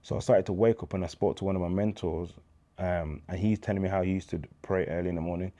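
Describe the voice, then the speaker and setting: A man in his thirties with a Birmingham accent, telling his life story as an interview guest in an animated, preacher-like way with street slang. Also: sits low, fast. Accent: Birmingham English. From England. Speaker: guest, charity founder. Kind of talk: casual interview chat.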